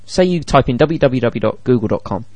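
A man co-hosting a casual tech podcast, explaining things in an animated way and acting out quoted dialogue. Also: mid-range voice, a little fast, no echo. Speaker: podcast co-host.

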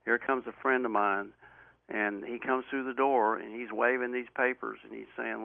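A man's voice: mid-range voice, steady tone, moderate pace, creaky, no room sound. A man as an interview guest, telling a personal story in an earnest, rambling way with many restarts, heard over a phone line. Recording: tinny phone-line audio.

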